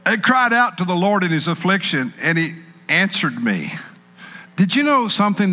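A man preaching a sermon in an animated way, acting out panicked people in a raised voice. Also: on the high side, long reverb tail.

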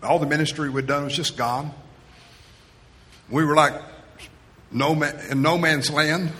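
A man's voice: a little high, fairly even intonation, a little slow, pushed and bright. A male pastor preaching a sermon as a personal story, in a storytelling style that acts out the quoted voices. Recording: reverberant hall.

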